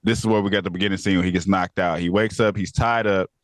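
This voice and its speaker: Low-voiced man retelling a show, laughing. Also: quick pace, no room sound, studio quality. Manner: laughing, animated retelling of plot with quoted lines. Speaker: podcast co-host. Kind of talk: casual review chat.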